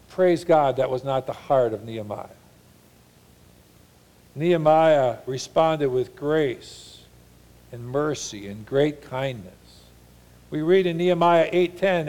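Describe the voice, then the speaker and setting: A man's voice: fairly high pitch, animated, unhurried, pauses often, darkish tone. Earnest male pastor preaching a sermon. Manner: earnest, shifts into mock voices for paraphrase.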